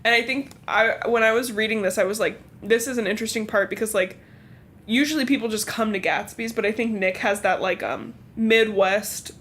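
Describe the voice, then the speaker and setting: A young woman co-hosting a casual book podcast, animated, laughing often and acting out the characters' lines as she retells the story. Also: fairly high pitch, fairly quick. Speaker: podcast host. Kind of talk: casual book-club chat.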